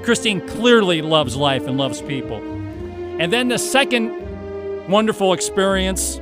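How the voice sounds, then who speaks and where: A man's voice: high voice, lively intonation, a little slow, over music. A man hosting a talk radio show, in a rambling, enthusiastic monologue with preachy asides.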